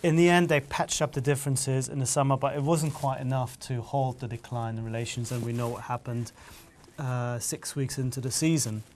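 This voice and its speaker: A man with a mid-range voice, analysing in measured, orderly steps as a regular studio pundit. He builds his argument point by point, sometimes slowing right down to stress a line. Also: mid-range voice, steady tone, a little hiss or hum. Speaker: football pundit. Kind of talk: studio panel discussion.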